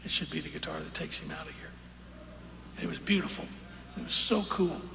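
Gravelly man telling a folksy story in a hall. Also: on the high side, sharp tone. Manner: folksy, unhurried, with fillers and quoted dialogue. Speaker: singer telling a story on stage. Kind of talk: onstage storytelling. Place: large concert hall with audience. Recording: roomy live hall recording with audience noise.

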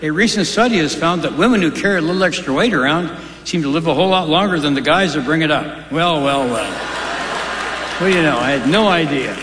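A man's voice: fairly high pitch, fast, few pauses, noisy background. A man doing stand-up comedy in a large hall, delivering dry one-liners and long joke stories. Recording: live stage recording in echoey hall.

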